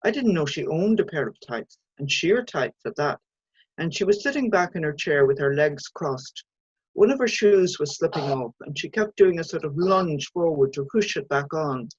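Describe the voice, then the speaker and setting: A woman, an author reading her own short story aloud in a measured, even way. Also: deep voice, slightly rough, no echo, highs cut off.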